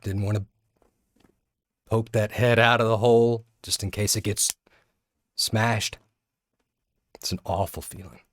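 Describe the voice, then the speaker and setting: A man teaching public speaking through a personal story, earnest and candid, often halting and restarting mid-sentence. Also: on the low side, no echo, clean studio sound.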